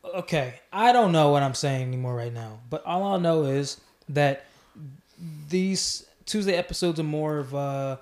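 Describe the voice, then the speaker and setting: Man, podcast host, casual rambling chat, mellow, fairly high voice. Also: normal speed. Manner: rambling, many restarts and fillers.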